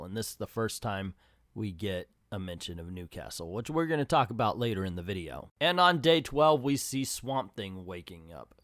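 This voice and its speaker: A man's voice: lowish voice, sing-song, moderate pace, fairly bright tone, dry recording, clean studio sound. A man hosting a casual comic book recap, chatty and self-deprecating, who reads the panels aloud and voices the characters when quoting them. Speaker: comics channel host.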